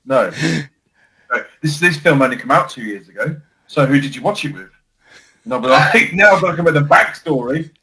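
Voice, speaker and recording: A man co-hosting a casual podcast, telling stories with animated laughter. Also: medium pitch, brisk, poor audio. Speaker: podcast co-host. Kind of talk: casual chat.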